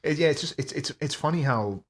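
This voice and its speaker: A man's voice: a little high, animated, fairly quick. A man co-hosting a book podcast, speaking in a thoughtful, hesitant way and often repeating words. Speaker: podcast co-host. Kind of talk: casual book discussion.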